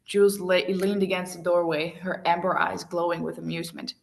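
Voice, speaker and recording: A woman's voice: fairly low pitch, little pitch movement, brisk, creaky. A woman hosting a casual read-along, reading a romance novel aloud and often stumbling and correcting herself. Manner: stumbles and self-corrects, laughs at slips.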